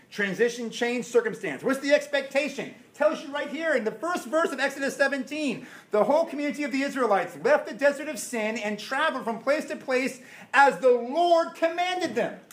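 Animated high-voiced male preacher. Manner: animated, asks the audience rhetorical questions. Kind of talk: sermon. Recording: echoey room.

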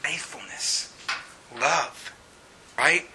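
A middle-aged man preaching with earnest conviction, his voice high and strikingly bright. He mixes personal stories with climbing, fervent emphasis. A faint hiss sits under the recording. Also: very slow, poor audio. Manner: personal storytelling with laughs. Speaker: pastor. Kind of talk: sermon.

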